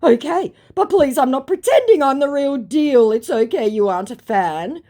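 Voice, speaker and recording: A woman's voice: sits high, expressive, moderate pace, warm tone, pitched above the performer's own voice. A woman voicing a pushy male scammer who poses as a celebrity, in a mock-sweet, wheedling manner.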